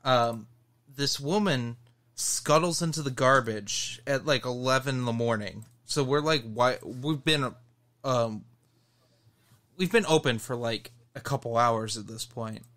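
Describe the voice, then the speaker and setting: Bright-voiced man telling stories. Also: medium pitch, unhurried. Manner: animated storytelling, laughs while telling. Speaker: podcast co-host. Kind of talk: casual podcast chat.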